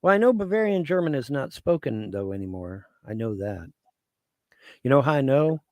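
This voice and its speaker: A man's voice: medium pitch, sing-song, moderate pace, no room sound. A man chatting on a live stream, rambling and swearing, laughing often as he talks. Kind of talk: casual live stream chat.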